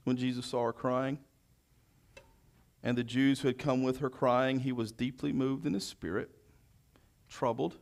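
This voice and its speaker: In a sermon, a man reads scripture verse by verse, then expounds, alternating between loud proclamation and quiet murmurs. His medium-pitched voice has fairly even intonation and vocal fry, moving a little slowly with frequent pauses.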